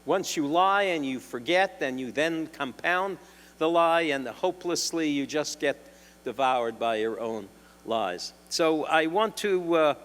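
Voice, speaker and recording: An older man with a New York accent, a defense attorney telling wry anecdotes to a symposium audience, clearing his throat now and then. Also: a little high, animated, unhurried, a bit bright. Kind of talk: storytelling talk. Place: lecture hall. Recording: long hall reverb.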